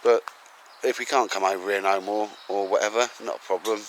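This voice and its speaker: A man's voice: on the low side, fairly even intonation, fairly quick, slight background noise, poor audio. A man vlogging outdoors in woodland, rambling and joking and laughing often as he talks. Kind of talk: casual walk-and-talk vlog.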